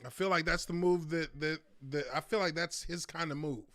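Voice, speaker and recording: Higher-voiced man, dry close sound. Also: steady tone, moderate pace, fairly bright tone, no echo. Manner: confident predictions, throat-clearing asides. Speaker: stream co-host. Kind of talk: casual live-stream chat.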